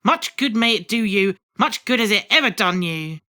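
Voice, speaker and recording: A woman voicing a miserly old man who is scornful and cross, speaking gruffly in a storybook reading. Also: mid-range voice, lively intonation, moderate pace, sharp tone. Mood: dismissive.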